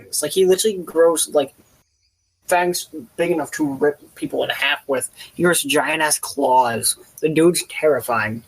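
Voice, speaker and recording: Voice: medium pitch, a little slow, slightly rough, poor audio. A game master running a tabletop game, describing a monster emphatically with casual swearing.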